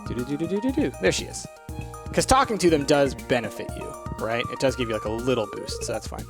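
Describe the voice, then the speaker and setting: A man's voice: mid-range voice, lively intonation, brisk. A man casually commenting on a video game as he plays it, chatty and thinking aloud, with plenty of ums and uhs. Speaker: let's play host. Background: faint game music.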